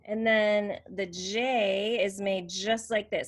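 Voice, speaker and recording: A woman's voice: medium pitch, steady tone, slow pace, hardly any pauses. A woman teaching how to make speech sounds, explaining patiently and demonstrating each sound. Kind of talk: slow instructional demonstration.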